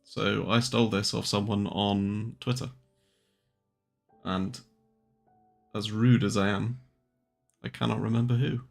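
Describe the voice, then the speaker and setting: A man's voice: lowish voice, fairly even intonation, unhurried, gravelly, pauses often. A young man hosting a trading livestream. He chats casually, swears, and jokes while answering viewers' questions. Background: faint music.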